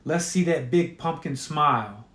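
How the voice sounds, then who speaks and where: A man voicing a creepy pumpkin-headed mascot that talks slowly in a scratchy, mechanical, tape-recorder voice. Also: fairly high pitch, expressive, fairly bright tone. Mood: eerie. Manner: slow, repetitive greeting. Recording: roomy echo.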